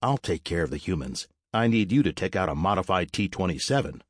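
A man's voice: low-pitched, expressive, a little fast, dry recording, studio quality. A man voicing a reckless male smuggler who talks in a mocking, smirking way.

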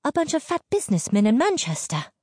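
A woman's voice: mid-range voice, fairly quick, mellow, no room sound, studio quality, pitched above the performer's own voice, close to an everyday voice. A woman voicing an anxious, outspoken young wife and mother, blunt and pressing. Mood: urgent. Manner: blunt, pressing, raised and urgent.

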